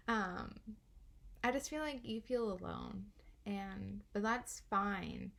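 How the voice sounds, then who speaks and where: A young woman giving a gentle, meandering spiritual card reading, laughing softly now and then. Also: medium pitch, takes it slowly, vocal fry. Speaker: oracle card reader.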